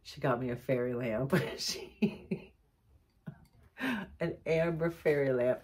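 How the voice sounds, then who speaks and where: A middle-aged woman, gushing and excitable as she chats casually to the camera about a haul. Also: very deep voice, slow pace, pauses often, background noise. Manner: gushing, excitable, says y'all a lot. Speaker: vlogger showing a haul.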